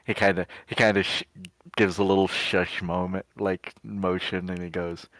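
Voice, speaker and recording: A man's voice: low voice, flat delivery, fairly bright tone, no echo. A man playing a tabletop game, narrating his character's actions and then speaking his lines. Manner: unhurried, sets up each line with "he goes". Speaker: player voicing his character Gadri.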